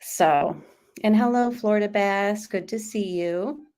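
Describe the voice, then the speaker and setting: A woman's voice: mid-range voice, a little slow, a little mellow. A woman hosting a true crime livestream, talking casually and rambling with many fillers and hedges.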